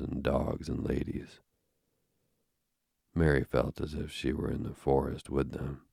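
A man narrating an audiobook in a measured, steady reading with a gravelly voice. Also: extremely low pitch, no room sound, studio quality.

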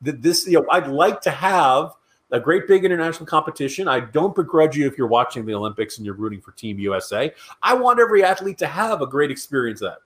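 Animated, sarcastic male podcast host. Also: a little high, fast talker. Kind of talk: casual political chat.

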